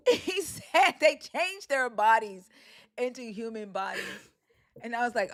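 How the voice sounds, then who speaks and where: A woman's voice: a little high, expressive, measured pace, fairly bright tone. A woman hosting a casual live-stream chat, telling stories animatedly with frequent laughter and swearing. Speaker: host.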